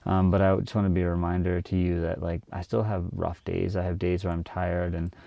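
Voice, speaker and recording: A man's voice: low-pitched, flat delivery, fairly quick, vocal fry, dry recording, highs cut off. A young man, a new father, talking earnestly and reflectively to his viewers, full of "like" fillers and restarts. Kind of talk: reflective casual monologue to camera.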